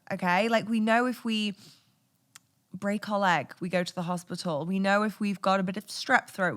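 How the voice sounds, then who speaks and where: A podcast host talks through her own story in a relaxed confessional monologue. She is blunt and candid, drops swear words freely, and laughs often between her thoughts. Her pitch sits in the middle for a woman.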